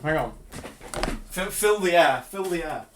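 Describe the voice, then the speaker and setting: A man's voice: on the high side, expressive, a little slow, a little hiss or hum. A man co-hosting a podcast in casual comedic chat, joking and laughing often. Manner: joking, laughs often, trails off mid-sentence. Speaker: podcast co-host.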